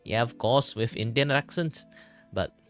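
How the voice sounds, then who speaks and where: A man's voice: medium pitch, measured pace, fairly bright tone, faint music behind. A man from Malaysia with a Malaysian English accent, chatting casually on a stream, rambling and chuckling often. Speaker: vtuber streamer. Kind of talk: casual chat while drawing on stream. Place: his own room at home.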